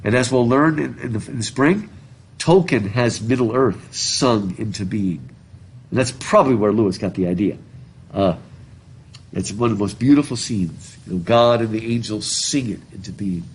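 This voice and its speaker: Lecturing through a mask, a husky-voiced male college professor reads passages aloud and drifts off on chatty tangents while asking the class questions. His pitch is fairly low and his speed normal, recorded on a device in the classroom.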